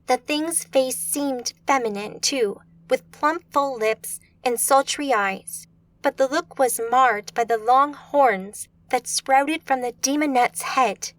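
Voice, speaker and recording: A woman reads an urban fantasy audiobook with steady, measured pacing. Her voice sits somewhat high, recorded close and dry with no room sound. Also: dry recording. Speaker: audiobook narrator. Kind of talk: scripted audiobook narration.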